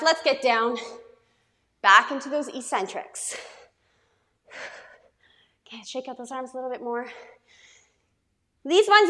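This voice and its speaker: A young woman coaching a bodyweight workout with a bright, high voice. She cheers people on and counts reps out loud, her voice ringing with a long reverb around the room. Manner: upbeat, encouraging, counting reps aloud. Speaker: fitness coach. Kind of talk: workout instruction.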